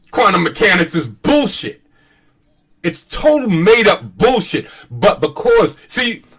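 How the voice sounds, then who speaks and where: A man on his own show, talking casually and with open scorn, swearing and laughing as he goes. His pitch sits a touch high and swings widely up and down. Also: slightly rough. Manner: scoffing, profane, laughs often. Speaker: commentary channel host. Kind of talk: casual ranting commentary.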